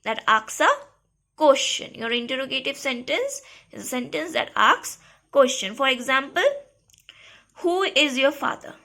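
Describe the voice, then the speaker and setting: High, bright-voiced teacher. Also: female voice. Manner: repeats key phrases slowly, checks with "okay?" and "clear?". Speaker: school English teacher. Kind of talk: classroom grammar lesson.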